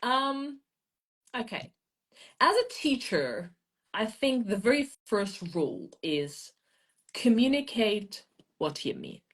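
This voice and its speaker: A woman's voice: fairly high pitch, slow pace, pauses often, breathy edge. A woman from Iran, a language teacher, explaining her views as a guest in a casual interview over a video call. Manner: explanatory, expressive.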